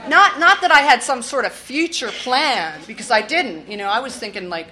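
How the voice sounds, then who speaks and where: Bright, forceful, and animated, the woman talks fast with few pauses in her mid-range voice. She's from the Washington, D.C. area and is sharing her recovery in blunt, candid testimony laced with wry humor and curse words.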